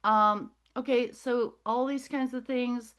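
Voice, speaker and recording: A middle-aged woman speaking as a guest, telling her story in a scattered, rambling way. She often loses her thread and breaks off with quick apologies. Her voice sits a little higher than most women's. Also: steady tone, a bit bright, clear, resonant tone.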